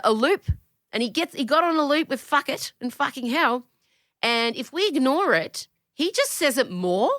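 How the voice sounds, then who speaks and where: An Australian woman hosting a podcast, chatting in an animated, opinionated way, swearing freely and jumping between tangents. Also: sits high, no room sound, studio quality. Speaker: podcast host; comedian. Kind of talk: casual podcast chat.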